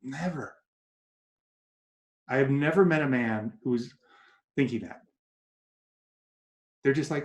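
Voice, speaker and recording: A man giving advice as a guest in an interview, animated and acting out quoted voices as he tells stories. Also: mid-range voice, takes it slowly, long pauses. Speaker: guest coach. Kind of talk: casual interview talk. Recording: echoey room.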